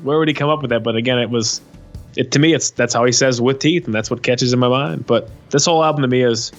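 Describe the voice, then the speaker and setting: A man's voice: medium pitch, fast, lo-fi sound. A man hosting a casual music podcast, talking in an enthusiastic, rambling way with many restarts.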